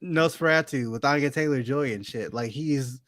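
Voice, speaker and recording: A man's voice: medium pitch, moderate pace, fairly bright tone, no room sound, studio quality. A young adult man co-hosting a podcast, chatting animatedly with emphatic opinions and casual swearing. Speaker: podcast co-host. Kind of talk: casual chat.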